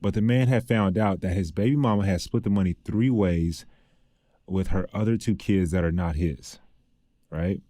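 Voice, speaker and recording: A man with a fairly low voice co-hosts a podcast, telling stories in a relaxed, chatty way. He laughs easily between points. The recording is close and dry. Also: normal speed, no echo. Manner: easygoing storyteller, laughs often. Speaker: podcast co-host. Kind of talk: casual chat.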